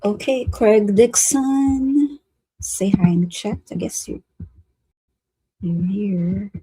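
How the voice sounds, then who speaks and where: A woman's voice: mid-range voice, slow, mellow, breathy edge, no room sound, poor audio. A woman co-hosting a live psychic reading stream, easygoing and laughing often as she calls out names in casual chat. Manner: giggly and easygoing, laughing often between phrases.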